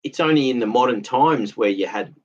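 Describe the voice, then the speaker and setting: This vlogger has a medium-pitched, lively voice and talks fairly quickly. He delivers a rambling, resentful casual monologue that keeps doubling back and repeating itself, recorded with dull, lo-fi sound.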